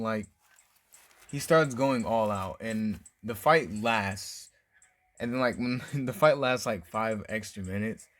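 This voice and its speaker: A man's voice: mid-range voice, fairly bright tone, slight background noise. A man casually narrating a fan-made story, rambling with lots of filler words.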